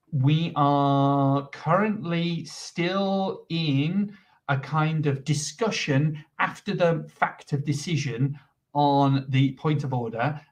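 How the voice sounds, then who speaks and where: Recorded from a distance, this male livestream commentator has a mid-range voice. While waiting for the proceeding to continue, he talks viewers through what is happening, explaining things to fill the gap.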